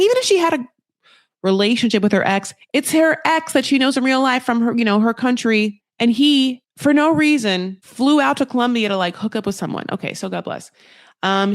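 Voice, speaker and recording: A woman's voice: medium pitch, dry recording, clean studio sound. A young woman hosting a podcast, recapping a reality show in casual chat and acting out quotes in mocking voices, often swearing. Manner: animated, profane, acts out quotes in shifting voices.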